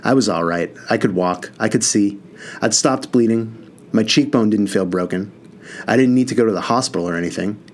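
Low-voiced man narrating a novel. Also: fairly quick. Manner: earnest, casual teen-style phrasing with mild swearing. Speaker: audiobook narrator. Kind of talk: first-person novel narration.

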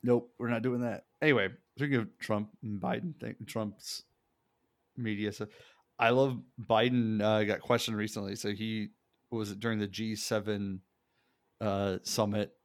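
Low-voiced man rambling, laughing. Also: fairly even intonation, measured pace, no echo. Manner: rambling, laughs often, swears. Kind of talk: casual chat.

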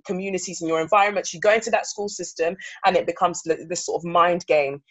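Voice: medium pitch, steady tone, fast, fairly bright tone. A guest in their thirties from England, speaking earnestly and reflectively in an interview, often restarting sentences. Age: 30s. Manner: earnest, searching, with frequent restarts. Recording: slightly dull recording.

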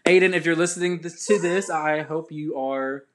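A young man from the southern United States, chatting casually as a podcast co-host and telling an animated, rambling story with laughs. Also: fairly high pitch, normal speed.

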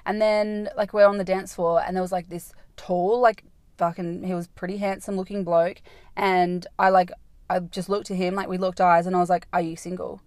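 A young woman hosts her own podcast in a casual storytelling monologue. She rambles, leans on "like" constantly and swears freely, and her voice sits fairly low for a woman. It is recorded close on a dry, dead mic. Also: little pitch movement, normal speed, darkish tone, no room sound. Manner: rambling, heavy "like" fillers, frequent swearing. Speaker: podcast host.

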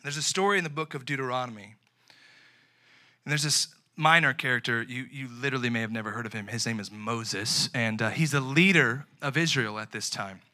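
A young man preaching a lively, conversational sermon to a youth group, full of slang and acted-out asides. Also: medium pitch, a little fast. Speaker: youth pastor.

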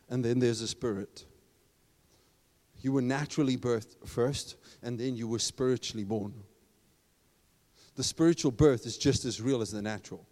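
A man preaching a sermon, talking casually and then building up to loud, emphatic exhortation. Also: mid-range voice. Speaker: pastor. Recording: long reverb of a large hall.

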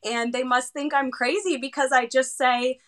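A woman in her thirties, telling a personal story in a conversational interview, animated and full of fillers. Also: high voice, normal speed. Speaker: guest, heart patient's parent.

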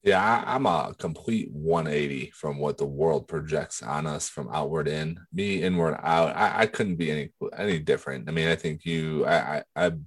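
Very deep-voiced man chatting on a podcast. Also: moderate pace, few pauses, slightly rough, no room sound. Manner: rambling, with many restarts and self-corrections. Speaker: podcast co-host. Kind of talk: casual podcast chat.

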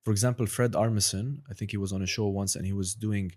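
Rambling young man with a low voice. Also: steady tone, quick pace, darkish tone. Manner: rambling, many fillers and restarts, slips into playful impressions. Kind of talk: casual chat.

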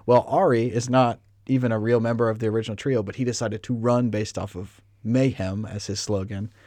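A man in a relaxed podcast chat, telling stories and acting out the people in them. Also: on the low side, a little fast, no echo, clean studio sound. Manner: storytelling, acts out quotes loudly.

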